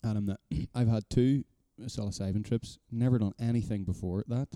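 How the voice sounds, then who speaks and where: A man's voice: fairly low pitch, steady tone, moderate pace, dark tone, no echo, clean studio sound. A man co-hosting a casual podcast chat, rambling and self-deprecating, swearing casually. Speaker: podcast co-host.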